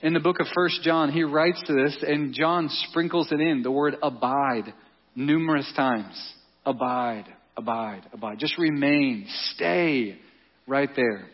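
Husky high-voiced male pastor preaching. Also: unhurried. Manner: emphatic, conversational preaching with repeated key words. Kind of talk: sermon. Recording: dull lo-fi audio.

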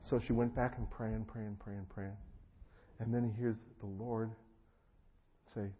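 A middle-aged pastor tells personal stories from the pulpit in a low, gravelly voice, dropping to a hush and then bursting out loud as he acts out the people in them. The live recording is muffled and lo-fi, with a faint hiss behind him. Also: steady tone, moderate pace. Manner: storytelling, acts out voices, laughs, swings from hushed to loud. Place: church hall before an audience.

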